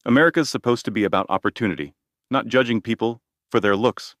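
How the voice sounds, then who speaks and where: A man's voice: medium pitch, quick pace, a bit bright, no room sound, studio quality, natural voice. A man reading the lines of a blunt, boastful older male president, in a direct manner full of superlatives. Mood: insistent.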